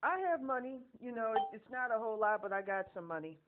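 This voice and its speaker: A woman in her late thirties on a phone call, talking hesitantly and softly, stammering over her words. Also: a little high, quick pace. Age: late 30s. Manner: hesitant, stammering, soft-spoken. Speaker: channel owner on a phone call. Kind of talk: phone conversation. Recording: tinny phone line.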